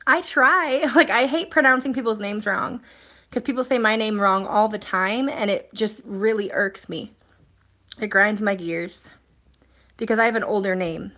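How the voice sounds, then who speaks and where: A woman's voice: medium pitch, normal speed, a bit bright. A woman hosting a casual live stream, chatting and answering viewer comments in a rambling way with plenty of ums and restarts.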